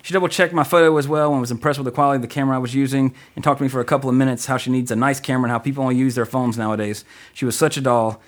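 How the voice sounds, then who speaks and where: A quick, mid-pitched man rattles through listener emails on a casual podcast mic. He stumbles and restarts often, joking at his own expense. His voice sits in the middle of the male range. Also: steady tone. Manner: fast-talking, trips over words, self-deprecating.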